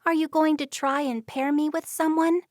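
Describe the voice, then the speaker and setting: In a storybook reading, a woman voices a reserved, stubborn young Amish woman who speaks plainly and sounds defensive. Her natural-sounding voice sits high, above her own usual pitch, with fairly even intonation and a moderate pace. The recording is dry and studio quality.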